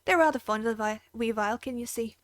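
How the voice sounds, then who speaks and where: A woman's voice: fairly high pitch, fast, fairly bright tone, no echo, natural voice. A woman voicing a chatty game stable keeper in a put-on Irish accent, with folksy, rambling delivery.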